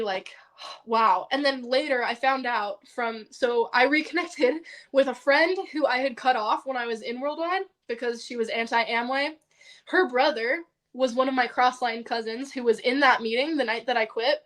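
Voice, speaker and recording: Animated woman telling a personal story. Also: on the high side, fairly quick. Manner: animated, heavy use of "like", laughs often. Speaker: podcast guest.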